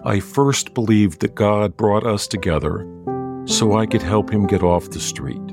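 A middle-aged man telling a personal story in a slow, measured, earnest way. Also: fairly low pitch, vocal fry, music in the background. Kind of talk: personal story told to an audience.

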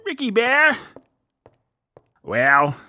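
A man's voice: very high-pitched, huge pitch swings, drawn-out words, pushed and bright, dry recording, full character voice. A man playing an awkward suburban father who covers tension with nervous, jokey cheerfulness. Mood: forced cheerful. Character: awkward upbeat suburban dad, forced cheer. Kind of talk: comedic audio drama acting.

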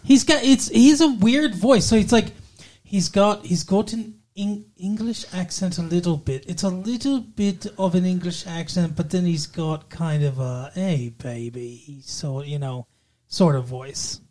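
A man's voice: sits high, measured pace, a little mellow. A young man co-hosting a casual show, joking and swearing freely as he chats. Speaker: podcast co-host. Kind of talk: casual chat.

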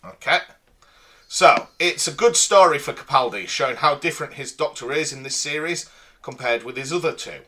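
A man's voice: medium pitch, animated, moderate pace, bright, forceful tone. A man cohosting a casual podcast, teasing his cohost and reading out listener messages. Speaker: podcast co-host.

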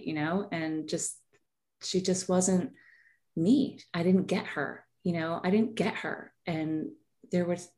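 A woman's voice: on the low side, darkish tone. A woman in her forties, a podcast guest, telling a heartfelt personal story in a rambling way with many fillers.

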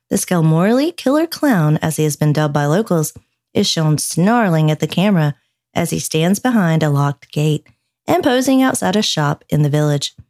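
A woman's voice: lowish voice, darkish tone. A woman co-hosting a podcast who reads news stories aloud and teases her co-host, laughing often. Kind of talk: casual chat and reading news aloud.

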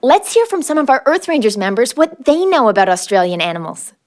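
A woman's voice: a little high, very animated, brisk, soft background music. A woman hosting a children's wildlife show, presenting in a bubbly, playful way with comic asides. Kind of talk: playful scripted presenting for kids.

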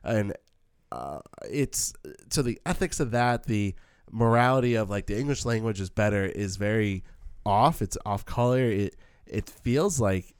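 Smooth low-voiced opinionated man. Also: expressive, a little mellow, no room sound, studio quality. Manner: opinionated, halting with repeats. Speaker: podcast co-host. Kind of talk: casual film discussion.

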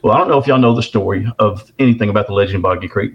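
A man's voice: on the low side, quick pace, few pauses, a little hiss or hum. An older man from the Texarkana area, telling a long story in a casual, folksy way and often repeating and restarting his words. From Texarkana area, southern US. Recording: dull lo-fi recording.

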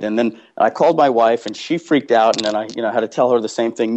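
A man's voice: medium pitch, quick pace, few pauses. Guy guest telling his story, lots of restarts, acts out voices, kinda muffled lo-fi audio. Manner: animated, acts out quoted voices, many restarts. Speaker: guest entrepreneur. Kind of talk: casual storytelling. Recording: dull lo-fi sound.

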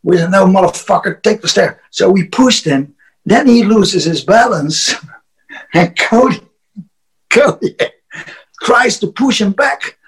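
A man's voice: high voice, animated, slow pace, long pauses, low-quality recording. A man, a wrestler, telling a casual story with frequent chuckles, profanity and restarted words. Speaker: wrestler guest.

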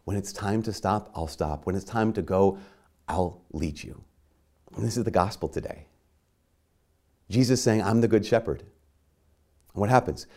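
A man's voice: low voice, moderate pace, long pauses, darkish tone. A man giving a sermon in a conversational, self-mocking way, acting out little dialogues. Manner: conversational, self-mocking, acts out quoted voices.

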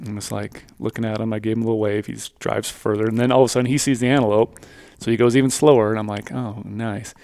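A man co-hosting a hunting podcast, telling a hunting story in lively casual chat and acting out his own thoughts. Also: fairly low pitch, rapid-fire, creaky, few pauses, clear, resonant tone, dry recording. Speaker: podcast co-host and hunter.

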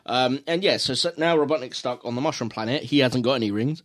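A man's voice: mid-range voice, quick pace, a bit bright. A man from the UK co-hosting a casual film review chat, recapping scenes at length with fillers and restarts. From United Kingdom. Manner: rambling recaps with fillers and self-corrections. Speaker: podcast co-host.

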